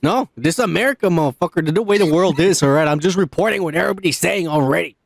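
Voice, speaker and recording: A man co-hosting a casual, profane podcast, ranting with constant swearing. His voice sits fairly high and has a gravelly edge. The sound is dry and close. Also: quick pace, dry recording. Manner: loud, ranting, heavy swearing. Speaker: podcast co-host.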